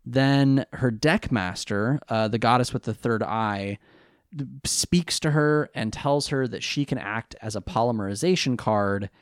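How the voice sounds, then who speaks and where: A man co-hosting a podcast in casual chat, recapping an episode in a rambling, hesitant way and jumping up in pitch on excited questions. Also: unhurried, clean tone, dry recording, studio quality. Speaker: podcast co-host recapping an anime.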